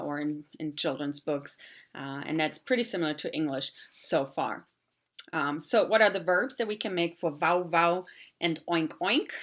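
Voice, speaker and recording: Bright chatty German-born woman teacher. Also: deep voice. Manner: chatty, with many ums and uhs. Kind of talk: casual video lesson.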